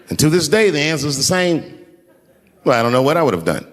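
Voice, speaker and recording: A man telling stand-up comedy stories onstage at a large venue into a handheld mic, swinging between shouted punchlines and low, hushed asides. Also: big pitch swings, fast talker. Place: large performance venue on stage. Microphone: handheld stage mic. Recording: long hall reverb, faint noise.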